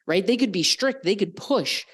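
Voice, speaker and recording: A woman's voice: medium pitch, animated, moderate pace, slightly rough. A young adult woman hosting a coaching podcast, talking frankly and swearing casually as she explains mindset exercises. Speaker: podcast host and fitness coach.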